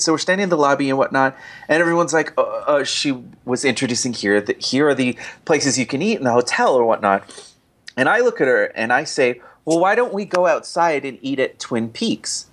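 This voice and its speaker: A man chatting as a guest, telling a story in a lively way and acting out the people he quotes. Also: medium pitch, fairly quick. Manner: animated storyteller, acts out quoted voices. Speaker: guest, online reviewer. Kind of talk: casual conversation.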